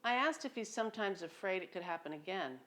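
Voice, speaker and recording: A woman's voice: mid-range voice, expressive, fast, fairly bright tone. A woman reading her own memoir aloud at home, in a reflective, conversational way with a dry humor. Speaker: memoir narrator. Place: home near a beach.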